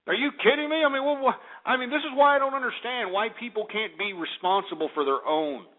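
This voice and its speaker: A man's voice: extremely high pitch, quick pace. A man hosting a call-in radio show, ranting bluntly and scornfully at his listeners. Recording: tinny phone-like lo-fi audio.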